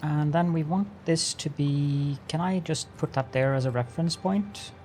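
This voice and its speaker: A man streams a factory-building game, chatting with viewers and narrating each step in a playful, mock-formal way, greeting chat with exaggerated politeness. His voice is warm and on the high side, at normal speed, with slight background noise.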